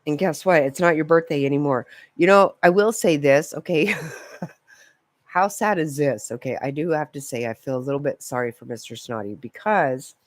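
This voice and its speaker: A woman's voice: deep voice, normal speed, no room sound. A woman rants and rambles to camera in a casual vlog style. She swears freely and laughs often. Her voice is recorded close and dry, with no room sound. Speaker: vlogger. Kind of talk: casual ranting monologue.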